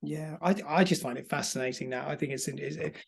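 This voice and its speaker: Male interview host; rapid delivery, gravelly tone, supportive and searching in his questions. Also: fairly high pitch. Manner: affirming, thinks aloud with restarts. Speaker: podcast host. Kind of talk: conversational interview.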